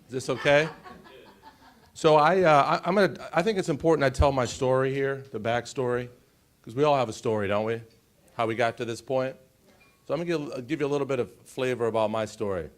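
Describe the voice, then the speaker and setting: Emotional man in his forties telling his story. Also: mid-range voice. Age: 40s. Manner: emotional, pausing, asks the audience questions. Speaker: conference speaker. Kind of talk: personal storytelling talk. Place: conference stage before an audience.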